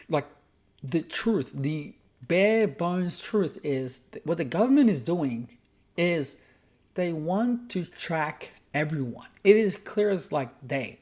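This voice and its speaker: A man's voice: fairly high pitch, expressive, unhurried, a little mellow. An Australian man hosting a podcast, delivering a heated, profane solo rant. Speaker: podcast host.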